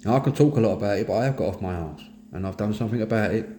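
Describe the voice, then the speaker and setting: A man's voice: fairly low pitch, racing, warm tone. A middle-aged man with a Cockney accent from East London, talking candidly and bluntly about his mental health. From East London, England. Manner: plain-spoken, earnest, blunt. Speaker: host of a mental health talk. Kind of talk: candid personal monologue. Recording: echoey room with faint noise.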